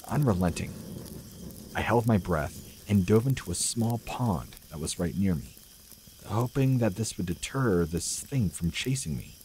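A man with a very low, deep voice narrates a horror story in a slow and measured way, with a dramatic edge. A faint hiss sits under his reading. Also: darkish tone, rough recording. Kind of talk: scripted narration of scary stories.

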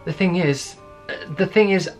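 Male reader as a nervous boy wizard, hesitant and raised in pitch. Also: normal speed, faint music behind, close to an everyday voice.

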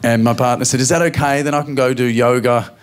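A man in his thirties with an Australian accent, performing a stand-up comedy routine and acting out quick voices of his family. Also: mid-range voice, steady tone. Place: live comedy venue with audience laughter.

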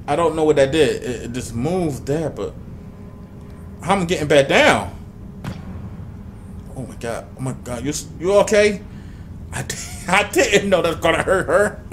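A man's voice: a little high, animated, unhurried, pauses often, a little hiss or hum. A young man commentating a game he is playing, talking to the game and his viewers and swearing a lot. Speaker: gaming YouTuber. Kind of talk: let's play commentary.

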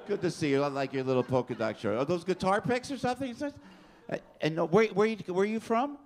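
A brash, loud man in his 60s hosts a live stand-up show on a packed comedy club stage, chatting loudly with the audience. His voice sits high, with lively intonation and a fast pace. The live club recording carries crowd noise.

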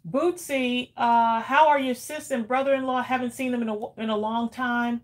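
A chatty woman, talking casually to viewers on a live stream. Her voice sits a bit high, and she rambles, pausing often on fillers before picking the thread back up. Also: steady tone. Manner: chatty, rambling, frequent ums and laughs. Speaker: livestream crafting host.

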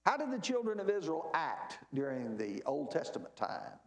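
In a church Bible class, a man teaches with emphasis at a normal speed, repeatedly raising questions and answering them. His high voice swoops wildly in pitch, echoing through the roomy space.

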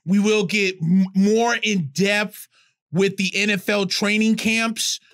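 Animated high-voiced podcast man. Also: slow, no room sound, clean studio sound. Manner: animated, loose, emphatic. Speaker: co-host. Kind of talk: casual sports podcast chat.

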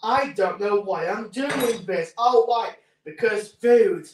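A woman streaming and chatting casually, breaking into excitable, hysterical shouting. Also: medium pitch, slow, recorded from a distance. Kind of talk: casual live-stream commentary. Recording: roomy echo, faint noise.

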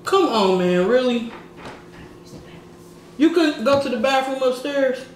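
A woman vlogger telling a slangy, animated story while eating, with shouted sound effects. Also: sits high, slow. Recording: echoey room with faint background noise.

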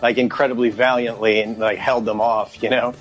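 A man in his thirties co-hosting a podcast, a father who reflects on a book thoughtfully and haltingly. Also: mid-range voice, level tone, soft background music, rough recording. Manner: thoughtful, halting, many fillers. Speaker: podcast co-host. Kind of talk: casual book discussion.

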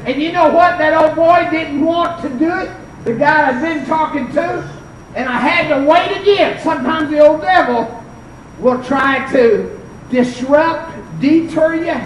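This is an older preacher at a revival service, fervent and storytelling, who swings up into shouted peaks. The voice sits high and rings around a reverberant church, picked up from well back with a faint hiss underneath. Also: a little slow. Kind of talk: revival sermon. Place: church sanctuary. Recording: echoey church, mic far off.

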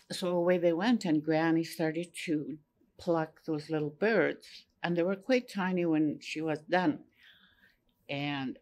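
An older woman whose first language is Cree tells a personal story as an elder on a panel. She speaks gently and unhurriedly and often repeats phrases. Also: deep voice. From Saskatchewan, Canada.

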